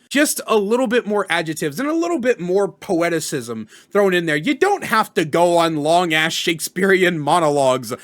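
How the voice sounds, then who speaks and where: A man giving tabletop role-playing tips in a casual tutorial vlog, energetic and chatty, with offhand swearing. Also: high-pitched, moderate pace, hardly any pauses. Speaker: tabletop gaming content creator.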